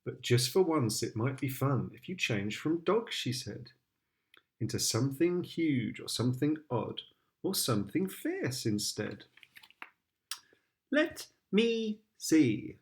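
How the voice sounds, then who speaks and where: A British father reads picture books aloud to his child, slow and sing-song with a lilting voice. His pitch rises and falls playfully as he adds sound effects.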